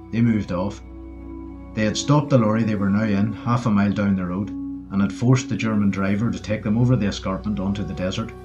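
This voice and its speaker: Man reading a war audiobook, low voice, muffled sound, quiet music behind. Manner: steady storytelling. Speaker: audiobook narrator. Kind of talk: scripted narration. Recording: dull lo-fi audio with faint music.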